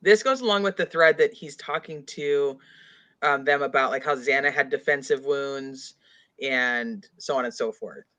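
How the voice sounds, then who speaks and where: A woman's voice: rumbling low, moderate pace, fairly bright tone. A woman hosting a casual true-crime discussion, rambling with lots of "like" while reading comments aloud. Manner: rambling, heavy use of "like". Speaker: host. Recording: dull lo-fi audio.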